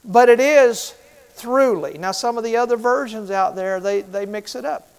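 A man's voice: very high-pitched, moderate pace, gravelly, clean tone. A middle-aged man preaching a sermon as pastor, who asks the congregation questions and repeats key phrases.

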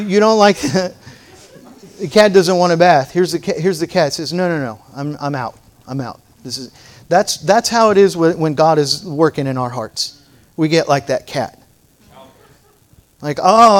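A middle-aged man with a slightly raised voice delivers a sermon. He tells everyday stories in a playful, folksy way, then presses his point with fervent preaching. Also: fairly high pitch. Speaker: pastor.

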